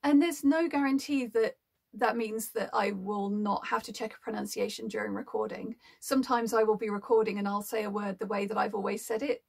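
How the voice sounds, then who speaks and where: A woman's voice: mid-range voice, lively intonation, brisk, vocal fry, darkish tone. A woman working as an audiobook narrator, explaining her work in a casual, thoughtful way with frequent ums. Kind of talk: casual explanatory talk to camera.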